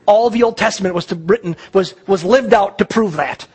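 A male pastor delivering a sermon, preaching emphatically with dramatic pauses and repetition. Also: sits high, slightly rough.

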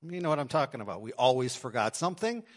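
A man preaching a sermon to his congregation in a church, swinging between loud emphasis and quiet asides. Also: mid-range voice, lively intonation, quick pace. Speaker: pastor. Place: church sanctuary.

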